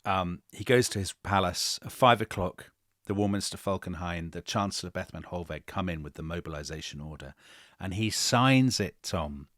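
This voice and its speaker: A man's voice: deep voice, normal speed, few pauses, a bit bright, no room sound, studio quality. A middle-aged man co-hosting a history podcast, retelling events dramatically and acting out quotes. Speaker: podcast co-host. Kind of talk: animated historical storytelling.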